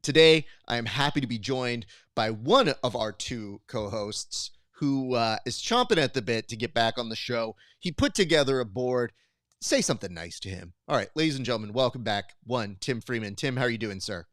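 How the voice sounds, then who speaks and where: A podcast host with a medium-pitched voice chats casually at a moderate pace, in clean studio sound with no room echo. He's an animated storyteller who acts out the people in his stories and performs their quoted exchanges.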